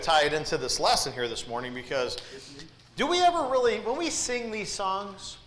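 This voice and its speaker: A man's voice: on the high side, fairly bright tone, echoey room, slight background noise. A man preaching a sermon in church, earnest and asking the congregation questions. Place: church sanctuary.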